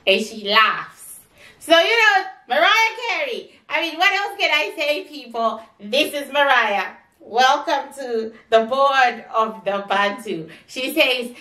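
Slow, bright-voiced woman giving a psychic reading. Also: high-pitched, expressive. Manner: chatty, repetitive, exclamatory. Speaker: psychic reader. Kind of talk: spiritual reading monologue. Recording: echoey room, distant mic.

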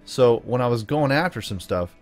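A young man chatting through his own gameplay in an upbeat manner, breaking into whoops and yells when the fighting starts. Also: medium pitch, expressive, moderate pace, faint music behind. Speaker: gaming YouTuber. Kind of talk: let's play commentary.

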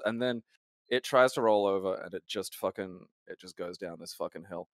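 A man's voice: fairly low pitch, fairly even intonation, fairly quick, no room sound, clean studio sound. A young man co-hosting a casual podcast chat, rambling and swearing often as he trails off mid-sentence. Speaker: podcast co-host.

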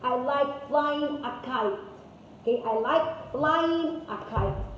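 A high-voiced woman leads a children's English class, drawing words out slowly and repeating them in a lilting, sing-song way. Her voice rings in a very echoey room, and a faint hiss sits underneath. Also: recorded from a distance. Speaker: English teacher.

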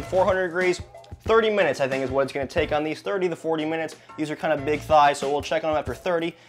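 Upbeat man cooking in a kitchen. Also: on the high side. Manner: upbeat, playful, swears casually. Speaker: chef and show host. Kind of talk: casual cooking vlog.

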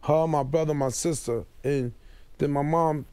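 A man as a radio talk show guest, talking earnestly and haltingly in an emotional interview. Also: on the high side, fairly even intonation, a little mellow, clean tone, no echo.

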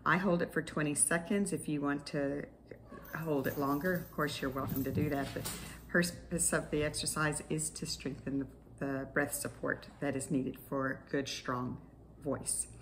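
Woman, speech therapist, low pitch, patient, step-by-step explanations, faint background hiss. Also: fairly even intonation, normal speed, fairly bright tone. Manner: patient, explanatory, clinical terms with small restarts. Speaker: speech-language pathologist teaching an exercise class. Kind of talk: instructional exercise class.

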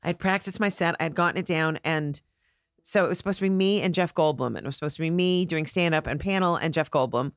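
Animated woman spinning a comedy anecdote. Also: low-pitched, fast, no echo, clean studio sound. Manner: animated, acts out voices in her stories. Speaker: guest comedian. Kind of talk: casual storytelling. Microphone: podcast studio mic.

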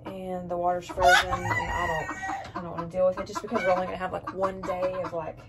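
A woman's voice: fairly low pitch, huge pitch swings, fairly quick, heavy background noise. A woman chatting casually to the camera while doing chicken chores outdoors and talking sweetly to her hens. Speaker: chicken keeper vlogger. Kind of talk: casual vlog narration during chores. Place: outdoors at a chicken coop in freezing weather. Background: clucking chickens.

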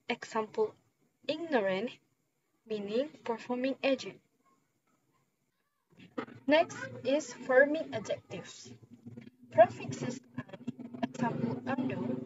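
A young woman student slowly reading a class presentation on affixes, halting through a list of examples. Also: a little high. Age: young adult. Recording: dull lo-fi recording with room noise.

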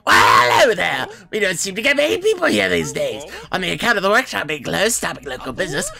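A man's voice: sits high, wildly swooping pitch, fast, creaky, sharp tone, pitched above the performer's own voice, exaggerated voice. A man voicing an eager, chatty male town official in a video game, chirpy and welcoming. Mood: cheerful.

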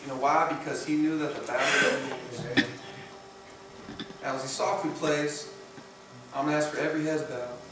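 A man preaching a sermon, emphatic, swinging between loud peaks and hushed low passages. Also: steady tone, normal speed, pauses often. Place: church sanctuary. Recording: echoey church from far off, noisy.

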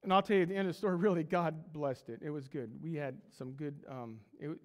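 A man preaches in a small church, his voice pitched high and ringing with long reverb off the walls. He tells his story with animation, slipping into the voices of the characters and restarting his sentences as he goes. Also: steady tone, fast talker. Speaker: pastor. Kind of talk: sermon with a storytelling anecdote.

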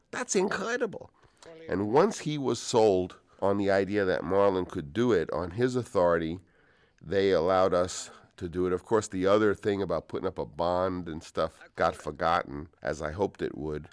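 A man in his sixties telling anecdotes in a relaxed, rambling way for a film commentary, dropping to soft-spoken asides. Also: deep voice, normal speed. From United States. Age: 60s. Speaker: film director. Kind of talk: DVD audio commentary, anecdotal storytelling.

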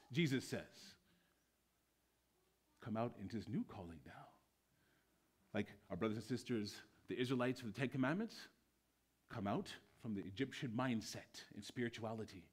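A man preaching a sermon as pastor in a church, swinging between loud bursts and hushed lines. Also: medium pitch, normal speed, long pauses, breathy edge.

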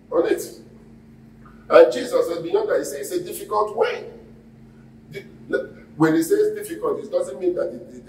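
A man's voice: fairly high pitch, darkish tone, slight background noise. A man, a pastor preaching a sermon and quizzing the congregation in call-and-response. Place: church hall. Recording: echoey hall, mic at a distance.

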